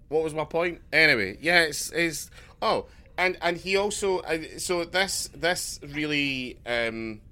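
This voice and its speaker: Podcast co-host, male, bright tone, chatty and digressive, curses casually. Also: medium pitch. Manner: rambling, loses his thread, swears. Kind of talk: casual chat.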